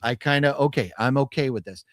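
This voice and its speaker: A man with a medium-pitched voice talks fairly quickly as he co-hosts a podcast. It's a casual movie review chat, full of rambling restarts and laughter. The sound is studio quality without echo.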